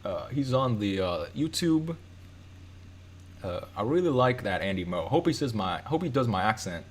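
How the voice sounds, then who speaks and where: A man's voice: on the low side, very animated, moderate pace, a little hiss or hum. A man putting on an accent to play a gushing fan in an exaggerated, bouncy impression. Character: chatty fan gushing about a streamer, put-on accent.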